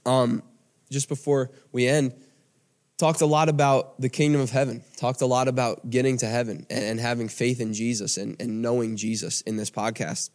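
A man's voice: medium pitch, flat delivery, normal speed, a little mellow. An American man preaching a podcast sermon in an earnest way, often repeating phrases and restarting sentences. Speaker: pastor.

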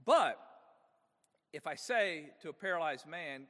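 Male pastor, high-pitched and animated, asks the room questions; big church reverb. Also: unhurried. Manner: engaging, asks the congregation frequent rhetorical questions. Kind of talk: sermon.

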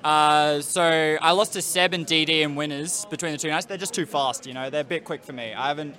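An Australian man co-hosting a live podcast, talking bluntly in quick fragments with plenty of swearing. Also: a little high, steady tone, bright, forceful tone. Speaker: podcast co-host. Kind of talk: casual banter at a live event.

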